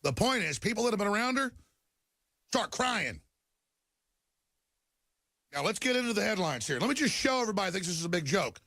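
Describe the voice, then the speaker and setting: Gravelly, ranting talk host. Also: male voice, high voice, big pitch swings, fairly quick, long pauses, sharp tone, no echo. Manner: agitated, emphatic ranting with repeated stammering. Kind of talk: talk radio monologue reading headlines.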